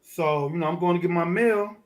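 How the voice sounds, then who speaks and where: New man, a bit high-voiced, a guest spinning a gritty story with lots of energy. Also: a little fast. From Fort Greene, Brooklyn. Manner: animated, profane street storytelling. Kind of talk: casual storytelling.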